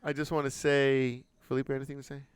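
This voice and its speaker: A man co-hosting a podcast, telling a story in casual chat, animated and swearing freely. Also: mid-range voice, quick pace, smooth, dry recording. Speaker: podcast co-host.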